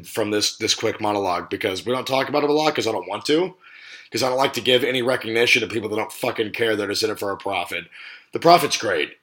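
A man's voice: lowish voice, sharp tone. A man hosting a sports podcast, talking casually in blunt, profane rants that run heated one moment and joking the next. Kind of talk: casual ranting sports talk.

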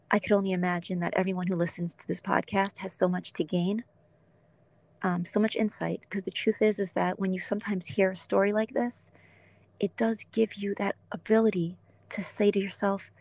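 A woman hosting a podcast, talking in an earnest, gentle and encouraging way in a heartfelt interview. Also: mid-range voice, gravelly, no echo. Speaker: podcast host.

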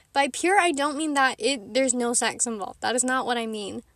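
A woman's voice: fairly high pitch, normal speed, fairly bright tone, no echo, clean studio sound. A young woman talking frankly to her viewers in a rambling, casual way, often laughing. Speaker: vlogger. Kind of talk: candid casual chat to camera.

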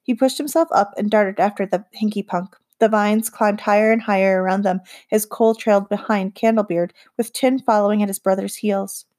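A woman reads a children's fantasy novel aloud in a calm, measured way. Her voice sits at an everyday pitch and carries the story steadily. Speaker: audiobook narrator. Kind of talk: scripted audiobook narration.

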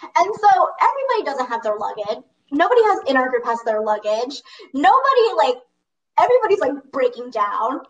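A teenage girl with a high voice tells a long story in a loose, chatty way, leaning on "like" and laughing between lines. She sits a little back from the microphone, so her voice comes across slightly distant. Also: brisk. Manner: animated, lots of "like", laughs mid-story. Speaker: storyteller recounting a school trip. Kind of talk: casual storytelling chat.

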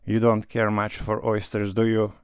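A man's voice: fairly low pitch, completely flat delivery, normal speed, clear, resonant tone, dry recording, studio quality, natural voice. A man voicing a cheerful, worldly nobleman who teases his friend in a breezy, slightly grand manner. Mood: teasing.

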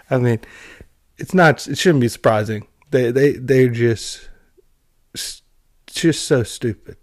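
A man rants with biting sarcasm and exasperation, his voice sitting in an ordinary middle pitch. He stumbles and restarts, repeating words as he builds toward mockery. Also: slow, long pauses. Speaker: film commentary vlogger. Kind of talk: ranting commentary.

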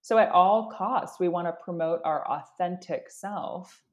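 Earnest woman, slightly low voice. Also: unhurried, dull audio. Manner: earnest, self-reflective, many restarts and "you know". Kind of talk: candid conversational sharing.

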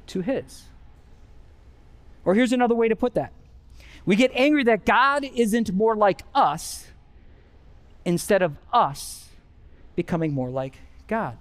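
High-voiced man preaching a sermon. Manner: conversational preaching with rising emphasis. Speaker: pastor. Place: church sanctuary.

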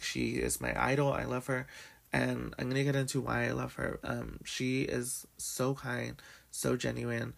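A young adult man hosting his own show, his voice raspy from just waking up and heavily gravelly with fry. He talks at a middling pitch in a loose, chatty way, leaning on fillers as he tells his story. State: raspy morning voice. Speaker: podcast host. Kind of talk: casual storytelling chat.

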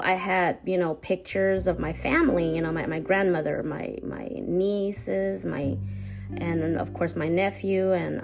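A woman hosting her own podcast, talking haltingly with many restarts about something personal. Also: fairly low pitch, vocal fry. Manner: halting, hesitant, full of restarts. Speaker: podcast host.

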